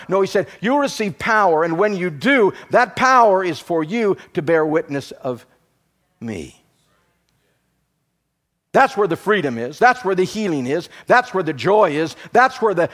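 Male preacher, high-pitched and highly animated delivery, fervent sermon cadence with sudden hushed drops. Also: moderate pace. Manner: preaching with rising emphatic bursts and quiet drops.

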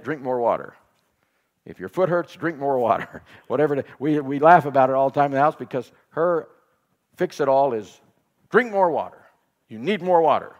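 A man's voice: a little high, in a large hall. A man preaching a sermon. He repeats phrases for emphasis and puts questions to the congregation. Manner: laughs while telling a home story. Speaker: pastor.

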